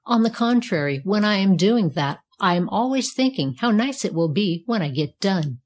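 A woman voicing a cheerful, self-satisfied talking fire poker in a read-aloud storybook, speaking calmly. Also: mid-range voice, normal speed, close to an everyday voice. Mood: contented.

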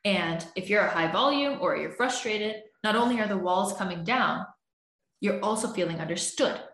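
A woman's voice: medium pitch, lively intonation, normal speed, a bit bright, echoey room. A woman, a relationship coach, explaining communication in an earnest, explanatory way and acting out what partners say to each other. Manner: earnest, explanatory, acts out couples' arguments. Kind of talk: advice podcast monologue.

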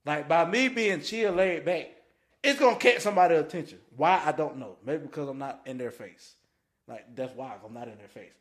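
A podcast host with a voice on the high side tells stories at a moderate pace in an echoey room. He's animated and slangy, laughs often, and acts out what people said in casual storytelling chat.

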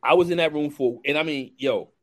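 A man, hosting a casual chat, telling lively stories in slang and acting out the dialogue. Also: on the high side, brisk. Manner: animated storyteller who acts out dialogue, slangy. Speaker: podcast host.

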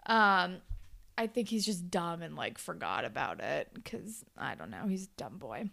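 A woman co-hosting a podcast in casual chat, blunt and quick to swear, laughing often. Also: lowish voice, big pitch swings, vocal fry, bright, forceful tone. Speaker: podcast co-host recapping a TV episode.

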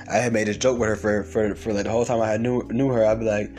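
A man telling stories and ranting in a blunt, profane, fast-talking way. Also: fairly low pitch, little pitch movement, darkish tone, faint music behind. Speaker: storyteller. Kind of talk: comedic storytelling rant.

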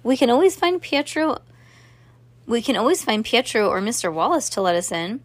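A woman's voice: a little high, very animated, normal speed, no room sound. A woman voicing a laid-back, casual boy with slangy talk, in a storybook reading.

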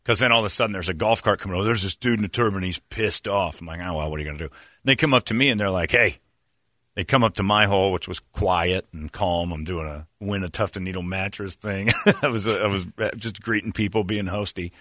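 Male radio host, rambling anecdote, bright voice, dry close sound, lowish pitch. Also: fast, no room sound. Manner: rambling, lots of "uh" fillers, animated retelling. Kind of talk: casual storytelling chat.

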